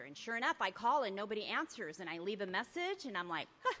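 A woman's voice: mid-range voice, very animated, fairly quick, a bit bright. A woman telling her recovery story to a meeting in an earnest way, acting out the voices of the people in it. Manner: earnest storytelling that acts out remembered talk. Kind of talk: personal testimony to a recovery meeting. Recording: long hall reverb.

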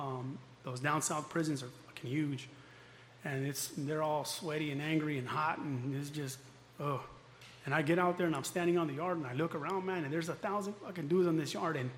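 A middle-aged man tells his own hard story in a candid, rambling way, swearing freely and circling back on his words. His voice sits a little high. The recording has a long reverb and a faint hiss behind it. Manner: candid, rambling, swears often, many restarts. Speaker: former prisoner telling his story. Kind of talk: personal storytelling.

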